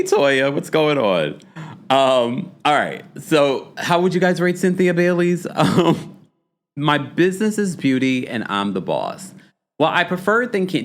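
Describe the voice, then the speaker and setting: A man hosting a reality TV recap stream, chatty and laughing, reading chat comments and acting out taglines. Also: on the high side. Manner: animated, laughing, reads chat comments aloud; puts on a dramatic voice to read taglines. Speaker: host.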